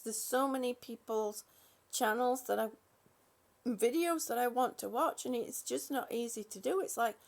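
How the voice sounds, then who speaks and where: Older woman, live-stream host, unhurried, gravelly, a bit high-pitched, friendly rambling chat with viewers. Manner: chatty, warm-hearted, with frequent "um" and restarts. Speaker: channel host.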